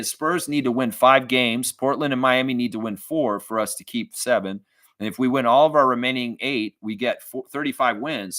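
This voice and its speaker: A man's voice: on the low side, a bit bright, dry recording. A middle-aged man from the southern United States hosting a sports fan livestream, reading out viewer comments in rambling casual chat full of fillers and flaring into profane rants.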